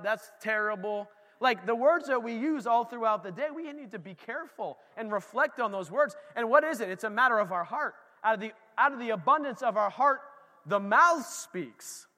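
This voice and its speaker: A pastor preaching a lively, conversational sermon in a church, talking straight to his congregation. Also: high-pitched, big-room sound.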